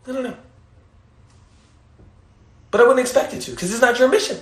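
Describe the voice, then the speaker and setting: A man's voice: very high voice, steady tone, brisk, echoey room. A man hosting an Instagram Live, giving a casual motivational monologue, emphatic and swearing casually, often laughing and repeating his points.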